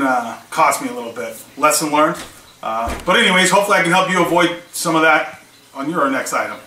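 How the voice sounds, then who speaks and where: A man's voice: on the high side, sharp tone. A man casually telling a story, acting out both sides of the conversations he recounts. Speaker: small online seller vlogger. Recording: echoey room, mic at a distance, faint hiss.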